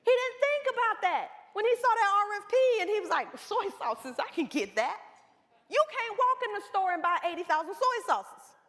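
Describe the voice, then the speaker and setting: A woman's voice: very high voice, a little fast, few pauses. A woman business coach giving a seminar talk, telling stories and speaking straight to the audience. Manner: animated storytelling, addresses the room directly. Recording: reverberant hall.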